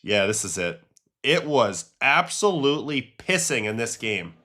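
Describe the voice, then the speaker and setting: A man, a former pitcher, hosting a casual livestream, chatting and reacting to baseball clips and chat questions. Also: big pitch swings, measured pace, sharp tone.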